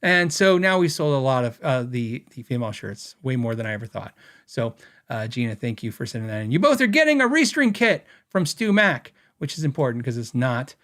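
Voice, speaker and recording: A man hosting a gear podcast in casual livestream chat, talking loosely, laughing often and jumping up in pitch when excited. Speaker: podcast host.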